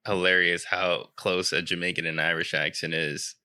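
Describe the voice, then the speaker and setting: A man's voice: low-pitched, flat delivery, normal speed, pushed and bright, clear, resonant tone. A man in casual podcast chat about a game, laid-back with short reactions.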